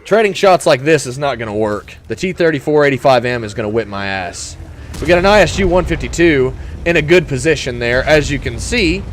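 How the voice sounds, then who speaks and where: A young man commenting on his own tank gameplay in a put-on gruff voice, excitable and quick to whoop and laugh. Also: mid-range voice, a little hiss or hum. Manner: talks in a put-on gruff tanker voice. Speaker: gaming YouTuber.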